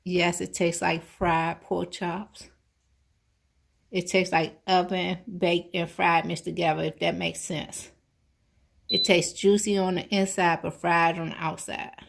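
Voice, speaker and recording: Woman cooking vlogger, lowish raspy voice, chatty and homey, talks to viewers directly. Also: flat delivery, unhurried. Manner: chatty, talks to viewers as y'all, eats on mic. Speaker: cooking channel host. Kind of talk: casual cooking vlog.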